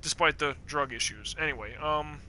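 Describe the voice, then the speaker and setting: A man streaming a game live, rambling in casual, profane, animated rants about the story's characters. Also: on the high side, moderate pace, slight background noise.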